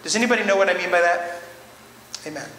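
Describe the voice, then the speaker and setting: A man's voice: high-pitched, fast, bright, forceful tone. A man preaching a sermon as pastor, earnest and emphatic, driving points home by repeating short phrases. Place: church sanctuary. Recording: roomy church reverb, faint background noise.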